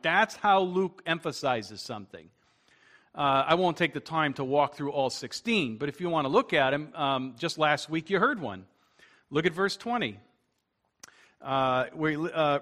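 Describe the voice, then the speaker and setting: A man preaching a sermon as pastor, earnest, slowing down and rising in force to stress his main points. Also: on the high side, fairly bright tone.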